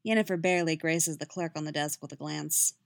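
A woman narrating a fan fiction story with expressive storytelling. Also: sits low, a little fast, creaky, no room sound, clean studio sound.

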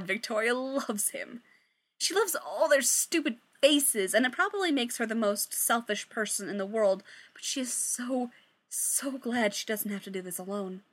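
A woman with a slightly high, lively voice reads fan fiction aloud at a normal speed, her tone fairly bright. She keeps it chatty, swearing and pausing for joking asides as the story reader.

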